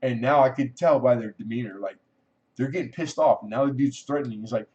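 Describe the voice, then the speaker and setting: A man's voice: brisk, darkish tone. A man hosting a casual livestream chat, telling a long personal story in a rambling way, laughing often and trailing off. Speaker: livestream host. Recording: muffled low-fidelity audio.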